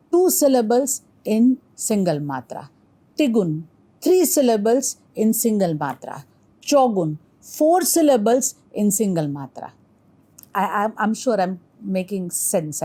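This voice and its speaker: A woman's voice: medium pitch, dark tone. A middle-aged woman with an Indian English accent gives a recorded lecture, explaining terms and reciting rhythm syllables aloud.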